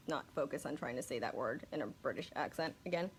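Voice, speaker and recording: A woman's voice: low voice, big pitch swings, fast talker, vocal fry, slight background noise. A young woman talks off the cuff to her audience, wandering between thoughts, stumbling over words and poking fun at herself. She swears casually and keeps a loose, chatty tone. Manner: rambling, profane, self-deprecating, loses her words. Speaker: YouTube commentator. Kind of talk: casual unscripted video monologue.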